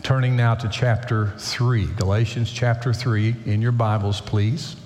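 An older man, a pastor, talking to his congregation in a halting, conversational sermon, full of fillers and restarts, in a large church sanctuary. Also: on the low side, steady tone, a little mellow, a little hiss or hum. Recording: roomy church hall echo.

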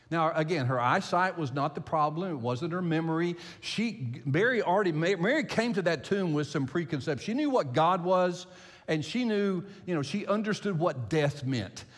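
Older pastor preaching, lively pitch, hall reverb. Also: male voice. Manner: animated storyteller, repeats phrases for emphasis. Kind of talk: sermon with personal anecdote.

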